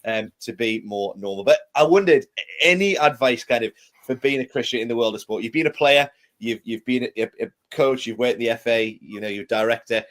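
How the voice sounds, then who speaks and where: Friendly podcast host, casual and chatty. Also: male voice, mid-range voice, brisk. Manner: friendly, leans on fillers like "you know". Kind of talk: casual interview chat.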